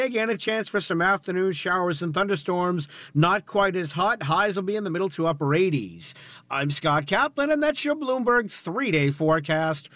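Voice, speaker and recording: A man reads a three-day weather forecast in a smooth, steady broadcast style. His voice sits notably high for a man. The sound is dry and close. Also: no room sound.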